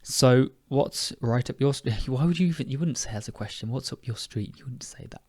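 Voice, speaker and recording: A man's voice: mid-range voice, brisk, a little mellow, no room sound, studio quality. A young British man hosting an English-learning podcast, casual and self-correcting, sounding tired. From United Kingdom. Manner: chatty, self-correcting, laughs at himself. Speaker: podcast host and English teacher.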